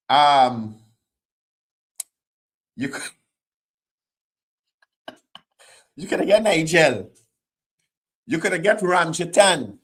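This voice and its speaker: Guyanese guy hosting political talk, slow drawl, keeps asking why over and over, teasing. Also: sits high, a bit bright. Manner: mocking, repeats rhetorical questions. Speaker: host. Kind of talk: political commentary.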